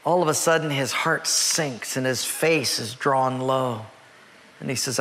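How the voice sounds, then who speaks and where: A man's voice: medium pitch, a little slow, fairly bright tone, long reverb tail, slight background noise. A male pastor preaching a sermon in a church, telling a story in an earnest, emphatic way and repeating key words.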